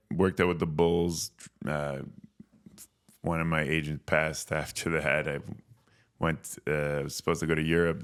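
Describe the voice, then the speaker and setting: A comedian from Canada with a very deep, low voice tells stories in a laid-back, casual way. He often breaks into laughter mid-story. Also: a bit bright, smooth. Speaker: comedian and filmmaker guest.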